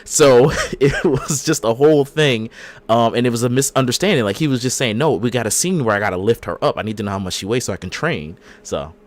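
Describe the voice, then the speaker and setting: A man with a mid-range voice speaks briskly as a podcast co-host in a casual chat, telling a long, rambling story and acting out the quotes.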